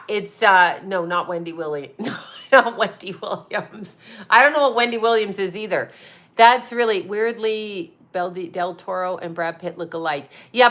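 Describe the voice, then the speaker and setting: Middle-aged woman host, bright and forceful voice, loose rambling chat with casual swearing. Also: medium pitch. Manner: rambling, swears, reads viewer comments aloud. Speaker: psychic channel host.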